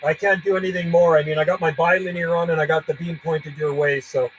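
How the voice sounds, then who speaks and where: A man's voice: on the high side, level tone, fast, slight background noise, poor audio. Friendly ham radio man calling on air. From Canada. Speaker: radio operator. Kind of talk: live-streamed ham radio chat. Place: home radio room.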